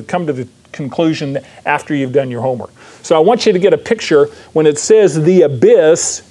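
A man's voice: fairly high pitch, darkish tone. A man preaching a verse-by-verse sermon, emphatic, repeating phrases and checking in with "right?". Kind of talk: sermon, verse-by-verse Bible teaching.

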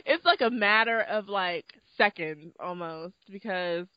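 A woman's voice: mid-range voice, unhurried, smooth, no room sound, muffled recording. A woman co-hosting a casual chat, giggly and talkative, with lots of "like" fillers. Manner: giggly, chatty, many fillers like "like". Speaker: podcast co-host.

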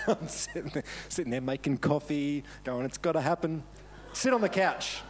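A man's voice: a little high, huge pitch swings, normal speed, a little hiss or hum. A man preaching a casual, storytelling sermon with self-deprecating humour, laughing often as he talks. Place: church service.

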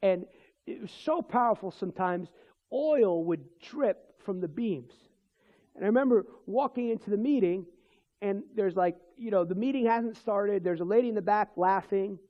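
Man, high voice, minister telling his testimony, rambling, restarts, chuckles, dull lo-fi sound. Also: moderate pace. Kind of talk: personal testimony in conversation.

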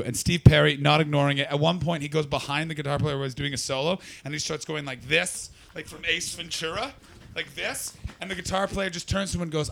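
A man's voice: on the high side, fairly quick, vocal fry, a bit bright. A man doing stand-up, brashly and profanely teasing the audience in crowd work. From not from Britain. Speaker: stand-up comedian.

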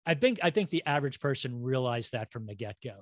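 A middle-aged man co-hosting a podcast in casual chat, quick with asides and jokes. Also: mid-range voice, lively intonation, no echo, studio quality. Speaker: podcast co-host.

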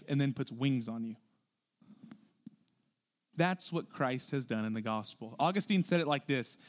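A male pastor preaching a sermon in a church, animated, rising to loud emphatic peaks and dropping to quiet low asides. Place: church sanctuary.

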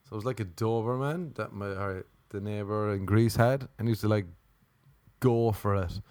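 Irish man, rambling comic rant, lots of swearing, lowish voice, dry close sound. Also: normal speed, a little mellow, no echo. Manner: rambling, swears freely, mocking. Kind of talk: casual comedic rant.

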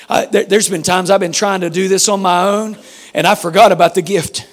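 A man preaching an altar call, speaking with impassioned repetition that swings from hushed prayer to loud pleading. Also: sits high, steady tone, brisk. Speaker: pastor.

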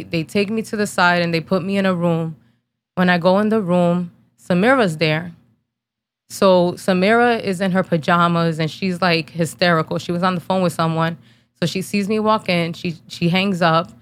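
A woman in her thirties, from New Jersey, tells a painful personal story on her podcast. Her voice sits a little low, and her telling is blunt and casual, full of slang and swearing. She is holding back tears as she talks. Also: clear, resonant tone. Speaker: podcast host.

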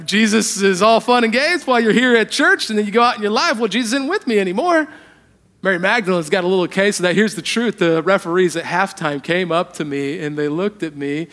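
A high-voiced man preaching in a church. He tells self-mocking stories with lively humor, dropping to a near whisper for earnest points and rising loud for the jokes. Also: brisk, few pauses. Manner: animated, humorous storytelling, swinging from hushed to loud. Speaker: pastor. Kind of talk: sermon.

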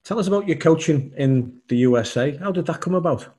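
A male podcast host putting brisk, leading questions to his guest. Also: a little high, lively intonation, warm tone. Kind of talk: interview questions.

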